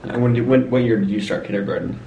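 A man's voice: lowish voice, fast talker, mellow, echoey room, dull audio, a little hiss or hum. A man interviewing, asking short prompting questions. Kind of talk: oral history interview.

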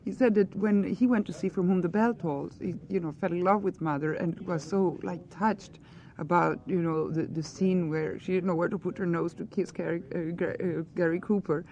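A woman's voice: on the low side, steady tone, normal speed, warm tone, dull audio. A woman answering questions as an actress in a press interview, earnest and searching for her words.

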